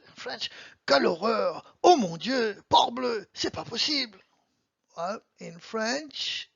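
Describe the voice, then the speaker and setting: A woman's voice: medium pitch, no room sound. Patient woman teaching a language lesson. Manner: patient, explanatory, asks and answers own questions. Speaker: French teacher. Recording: dull lo-fi dry sound.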